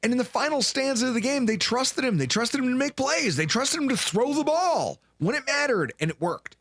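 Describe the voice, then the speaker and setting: A man in his late twenties or thirties co-hosting a sports recap show, telling game stories with lively acted-out quotes. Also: extremely high pitch, fairly quick, dry recording, studio quality. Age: late 20s or 30s. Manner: animated storyteller, acts out quotes loudly. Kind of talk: casual sports talk.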